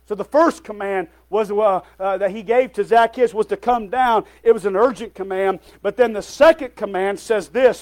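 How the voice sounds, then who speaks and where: A man's voice: high voice, moderate pace, few pauses. A male pastor preaching a sermon to his congregation, calling out "Amen?" and "folks" often and sometimes stumbling over his words.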